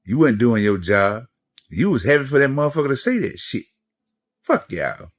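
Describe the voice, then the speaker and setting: Angry dude going off, voice jumps all over, muffled lo-fi sound. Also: male voice, medium pitch, moderate pace. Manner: furious, profane, lively. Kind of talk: angry rant. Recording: dull lo-fi recording.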